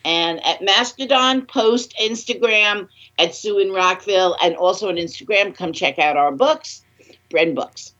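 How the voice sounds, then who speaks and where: A woman's voice: medium pitch, measured pace, fairly bright tone, muffled recording. A woman guest in a casual chat, speaking hesitantly with fillers.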